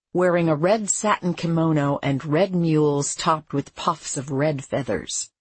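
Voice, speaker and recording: A woman reads a novel aloud at a slow, unhurried pace, her voice lively and a little husky. The recording is dry and close, with no room sound. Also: low voice, no room sound. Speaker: audiobook narrator. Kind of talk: scripted narration.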